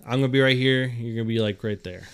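Relaxed young man, hesitant podcast co-host. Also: medium pitch, quick pace, clear, resonant tone. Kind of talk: casual chat.

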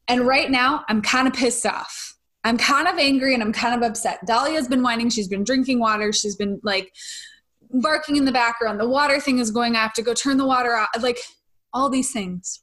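A woman's voice: a little high, fairly bright tone. A young adult woman hosting a podcast in a casual monologue, talking conversationally and often tagging her points with "right?". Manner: conversational, frequent "right?" tag questions. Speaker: podcast host.

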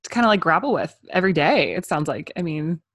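A woman host with a lowish voice, recorded dry and close. She speaks casually and supportively, gently drawing her guest out with questions. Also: sing-song, fast talker, dry recording. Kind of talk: casual conversation.

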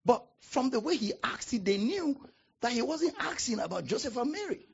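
A man preaching a sermon as pastor, with dramatic pauses and emphatic repetition. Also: very high voice, very animated, creaky, slightly rough, dull audio.

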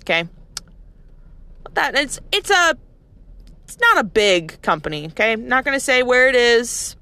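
A woman's voice: a little high, sing-song, measured pace, sharp tone, clean tone, dry recording. A woman who works as a nurse, ranting in a casual, blunt and profane way, with heavy sarcasm. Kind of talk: casual rant to camera.

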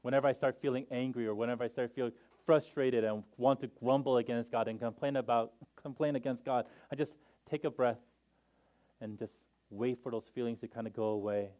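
A man's voice: medium pitch, steady tone, fairly quick, a little mellow. A man in his thirties, a pastor, preaching a sermon in a conversational storytelling way, with small self-deprecating laughs.

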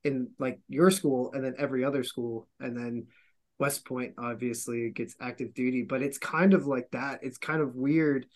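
A man's voice: mid-range voice, moderate pace. A man in his thirties from the United States hosts a podcast in casual chat. He is a former intelligence officer who swears freely and mimics people as he tells stories. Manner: profane, animated, mimics people.

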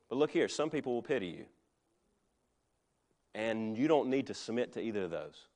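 A middle-aged male pastor preaching a sermon in a conversational way, with joking asides. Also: medium pitch.

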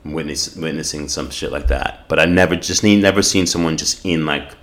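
A middle-aged man from South Africa with a very deep, low voice, speaking as a podcast guest. He tells a personal story earnestly and reflectively, stopping and restarting often. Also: fairly quick. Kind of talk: storytelling in casual conversation.

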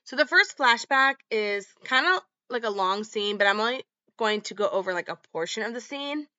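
A woman's voice: fairly high pitch, expressive, moderate pace, pushed and bright, no room sound, dull audio. Chatty woman recapping a movie. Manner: chatty, lots of "like" and "um". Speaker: podcast host.

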